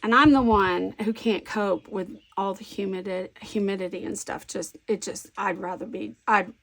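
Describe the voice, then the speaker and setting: A woman, chatting through a crafting vlog as a rambling, animated storyteller who laughs often. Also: mid-range voice, normal speed, vocal fry. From Virginia, US. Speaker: scrapbooking vlogger.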